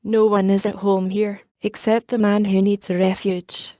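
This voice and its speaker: Woman reader as elderly male bishop; gentle, grave, polished, mellow and dry. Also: mid-range voice, little pitch movement, normal speed, no echo, lightly acted. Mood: kind.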